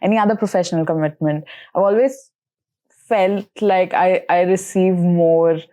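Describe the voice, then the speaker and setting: A woman's voice: lowish voice, fairly even intonation, moderate pace, mellow. A young woman, co-hosting a casual podcast and giving frank opinions. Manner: opinionated, frank, laughs often. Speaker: podcast co-host.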